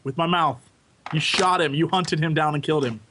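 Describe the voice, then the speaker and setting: A man co-hosting a podcast in casual chat, excitable and jokey, slipping into silly impressions. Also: on the high side, a little fast, background noise. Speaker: podcast co-host.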